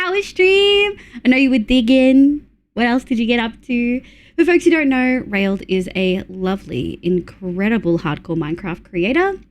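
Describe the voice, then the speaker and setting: An Australian woman streaming live, greeting her viewers in an affectionate, casual chatty way. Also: fairly high pitch.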